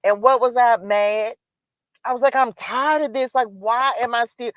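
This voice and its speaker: A woman's voice: a little high, normal speed, dry recording. A woman hosting a spiritual live stream, giving an emphatic, preachy motivational talk that repeats its calls to action. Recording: dull lo-fi dry sound.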